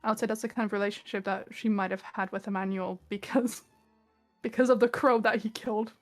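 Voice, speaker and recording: A woman's voice: medium pitch, fairly even intonation, a little fast, faint music behind. A young woman player explaining her character in a hesitant way, full of fillers.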